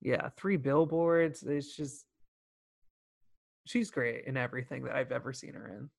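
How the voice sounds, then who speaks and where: A man's voice: mid-range voice, a little slow, creaky. A man co-hosting a casual film review chat, retelling scenes with acted-out quotes and swearing. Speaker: podcast co-host.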